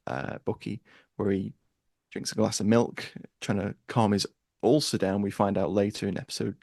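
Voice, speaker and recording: Gravelly man, dry sound. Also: lowish voice, darkish tone, dry recording. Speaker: podcast co-host. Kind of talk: casual review chat.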